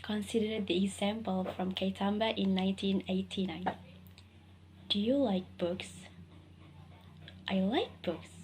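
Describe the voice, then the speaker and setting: A woman's voice: mid-range voice, slight background noise, poor audio. A woman student reading a class presentation from her notes, citing sources as she goes.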